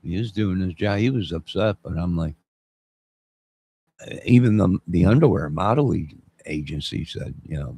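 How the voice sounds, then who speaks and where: A man in his fifties with a very low, gravelly voice, talking loosely on his own live stream. He rambles from one joke to the next and answers viewers in the chat. His tone stays husky and rough throughout. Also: expressive, normal speed, pauses often, mellow. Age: 50s. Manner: rambling, jokey, responds to chat. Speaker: channel host.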